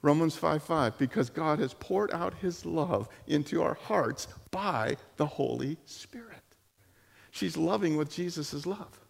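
A man preaching a sermon and telling stories, animated and full of restarts and repeated words. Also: a little high, unhurried, gravelly, breathy edge. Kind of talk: sermon with storytelling. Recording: long hall reverb.

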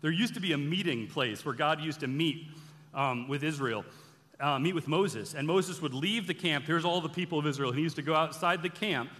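A man giving an animated sermon-style bible teaching, telling the stories casually and acting out the characters' lines. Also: on the high side, moderate pace. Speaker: preacher. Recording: long reverb from a large hall.

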